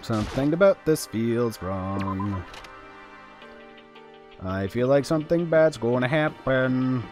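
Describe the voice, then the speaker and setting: A man streaming a visual novel, reading the narration aloud in a casual, animated way. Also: medium pitch, slow pace, pauses often. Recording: faint background game music.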